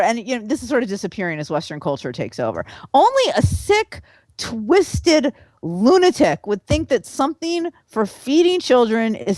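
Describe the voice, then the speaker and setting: A woman's voice: on the high side, no echo. A woman, a sociologist guest, talking casually in an interview with many fillers and restarts. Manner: animated, with filler words and restarts.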